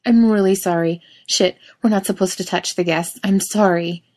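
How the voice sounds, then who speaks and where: A woman's voice: mid-range voice, fairly even intonation, normal speed, warm tone, natural voice. A woman voicing a panicky, apologetic young man dressed as a zombie in a spoken story. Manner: panicky, concerned.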